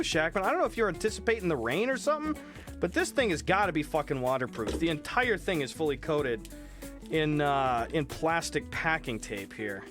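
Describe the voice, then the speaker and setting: A man's voice: fairly high pitch, fairly bright tone. A man chatting casually on a live stream while sick, reading chat, thanking viewers by name and swearing freely.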